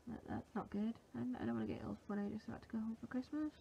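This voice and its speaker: A woman's voice: fairly high pitch, rapid-fire, vocal fry, dark tone, breathy edge, lo-fi sound. A young woman with a sore throat, chatting casually and rambling through her plans in a home vlog. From England. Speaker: vlogger. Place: at home, indoors.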